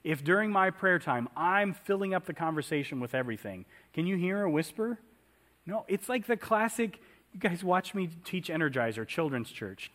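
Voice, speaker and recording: A man's voice: on the high side, a bit bright. A man preaching a conversational sermon in a church, often asking the congregation questions. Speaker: pastor.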